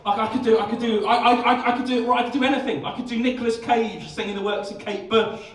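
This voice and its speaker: A man's voice: extremely high pitch, fairly even intonation, fast talker. A young man performing a live stand-up set, sweary and self-mocking, rambling with many restarts. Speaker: stand-up comedian. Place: comedy club stage. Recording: echoey club room, distant mic, audience noise.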